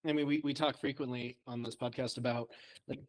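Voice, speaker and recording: A man's voice: mid-range voice, steady tone, fairly quick, low-quality recording. A man co-hosting a podcast, chatting casually and agreeably about fitness habits. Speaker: podcast co-host.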